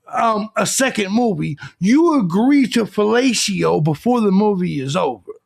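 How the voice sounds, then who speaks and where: A man's voice: extremely high pitch, vocal fry. A man hosting a live stream, ranting crudely and combatively as he lectures his audience. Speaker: live show host.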